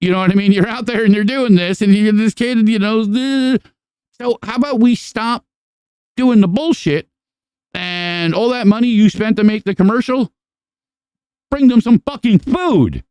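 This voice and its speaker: Man impersonating a ranting comic, high strained yell, profane, exasperated, dry close sound. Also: moderate pace, smooth, dry recording, close to an everyday voice. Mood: outraged. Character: ranting male stand-up comic, furious and incredulous.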